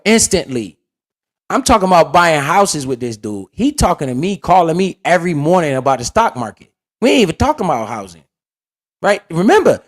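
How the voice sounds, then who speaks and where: A young man with a somewhat high voice tells a casual story, heavy with slang and swearing. He talks in an animated, streetwise way, like a host chatting straight to his viewers. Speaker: finance video host.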